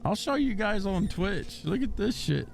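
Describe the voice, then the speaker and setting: A man chatting casually on a livestream, telling stories with animation and cooing softly at his dog. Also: high voice, expressive, measured pace, vocal fry, faint music behind. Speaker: gaming streamer.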